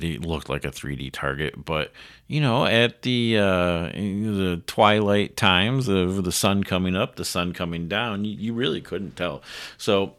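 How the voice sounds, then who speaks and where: A middle-aged man with a low, deep voice tells a story on his podcast. His delivery is loose and rambling, full of fillers, and he keeps chuckling as he talks. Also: a bit bright, smooth. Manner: chuckles often while telling a story. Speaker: podcast host.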